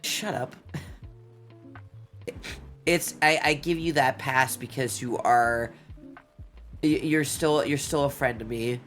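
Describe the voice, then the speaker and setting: Stuffy-nosed streamer, mid-pitched, teasing and loose, live late-night chat, faint music underneath. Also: takes it slowly, long pauses, fairly bright tone. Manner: playful, teasing, laughs often. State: stuffy nose. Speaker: Twitch streamer.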